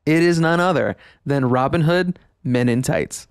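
A man's voice: fairly high pitch, a little slow, smooth, dry recording, soft background music. A man, hosting a nostalgic podcast monologue, enthusiastic and emphatic, laughing often as he talks. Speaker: podcast host.

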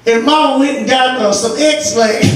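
High-voiced woman preaching in echo. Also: slow pace, over music. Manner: storytelling with laughter, rising to shouts. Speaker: pastor. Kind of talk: sermon. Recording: echoey church audio from far off.

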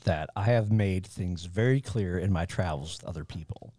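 A man's voice: low-pitched, moderate pace, mellow, no room sound. A man who teaches guitar, talking easily as a podcast guest. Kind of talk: casual chat.

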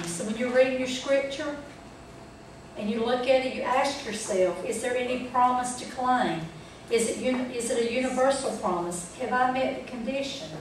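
A woman's voice: a little high, slight background noise. A woman teaching a Bible study group in a folksy way, checking in with them as she goes. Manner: folksy, asks the group questions. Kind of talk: church training talk. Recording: echoey room from far off.

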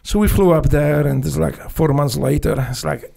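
Middle-aged Polish ex-soldier guest with an accent, gravelly voice, animated storyteller who swears. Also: male voice, on the high side, moderate pace, few pauses. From Poland. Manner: animated, swears freely, acts out dialogue, laughs often. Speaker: podcast guest, former Navy SEAL. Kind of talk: storytelling in a casual interview.

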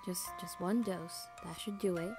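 A woman's voice: fairly low pitch, steady tone, normal speed, natural voice. Lady reading a paranoid guy patient in a game, stammery and desperate, music going behind. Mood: anxious. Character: frightened paranoid male asylum patient. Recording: music playing underneath.

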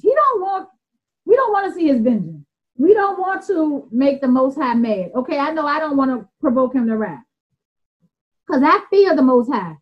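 Southern US woman, high voice, earnest informal Bible teaching, plainspoken, dull lo-fi recording. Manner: earnest, plainspoken, repeats and restarts while explaining words.

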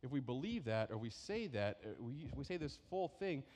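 A man's voice: medium pitch, very animated, normal speed, darkish tone. A man preaching a sermon as pastor, in a conversational way that keeps checking in with "right?". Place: church sanctuary. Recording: echoey hall reverb.

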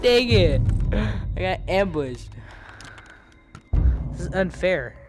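A man commenting on his own gameplay, excitable and quick to yelp and laugh at scares. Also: high-pitched, loud music behind the voice. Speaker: gamer. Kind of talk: let's play commentary. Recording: game sounds and noise behind.

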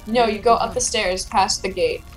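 A woman's voice: mid-range voice, fairly even intonation, moderate pace, faint music behind. A young woman hosting casual gameplay chat, chatty and helpful as she guides a friend and playfully reads game lines aloud. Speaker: gameplay host guiding a friend.

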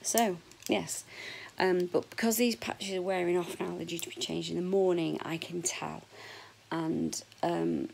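A woman in her forties with a husky voice, chatting frankly and jokily to camera in a casual vlog, sometimes dropping to a whisper. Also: fairly low pitch, fairly even intonation, a little slow, darkish tone, slight background noise, low-quality recording. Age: 40s. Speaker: vlogger.

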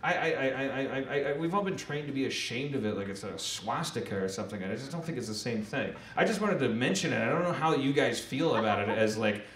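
Bright-voiced stammering man on stage. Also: medium pitch, lively intonation. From Wisconsin. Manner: halting, stammers and repeats words. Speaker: podcast host. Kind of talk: live podcast chat on stage. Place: theater stage before an audience. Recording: echoey live venue, faint noise.

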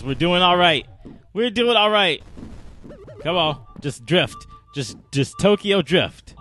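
Excitable young man narrating gameplay. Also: measured pace, faint music behind. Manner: excitable, shouts and groans at the game, swings high and low. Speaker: gaming channel host. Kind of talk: let's play commentary.

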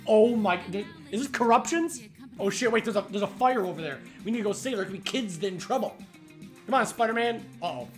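A gaming streamer doing excitable let's play commentary, swearing a lot and laughing loudly. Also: mid-range voice, fairly quick, soft background music.

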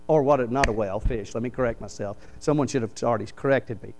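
A man, a pastor preaching a sermon in church, reading scripture aloud and explaining it with animated stories. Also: medium pitch, quick pace, few pauses, rough recording. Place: church sanctuary.

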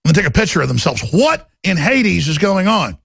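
A raspy, gravelly man rants through a talk show monologue. His voice runs high and swings wildly in pitch, and the sound is close and dry. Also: very animated, a little fast, no echo. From Texas. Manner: gravelly, shouting rants, mocking put-on voices.

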